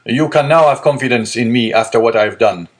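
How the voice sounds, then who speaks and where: A man voicing an agitated young male prosecutor who gives urgent, forceful orders. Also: medium pitch, brisk, pitched above the performer's own voice, close to an everyday voice.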